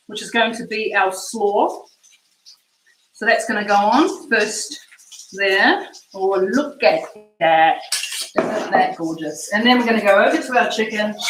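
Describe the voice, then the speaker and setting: A woman's voice: on the high side, background noise. A woman hosting a cooking show, chatting with bubbly enthusiasm and laughing often as she demonstrates a recipe in her kitchen. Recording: echoey kitchen with clinking dishes.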